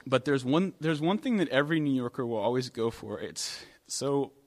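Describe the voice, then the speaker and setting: A man preaching a sermon, from New York, telling stories in a relaxed, conversational way with pauses and restarts. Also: mid-range voice. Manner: conversational storytelling with hesitations. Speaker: pastor.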